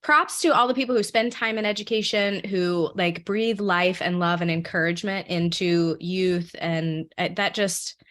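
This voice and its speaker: A woman's voice: on the low side, fairly even intonation, moderate pace, fairly bright tone. A woman co-hosting a podcast, reacting to her guest in supportive, emphatic casual chat. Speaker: podcast co-host.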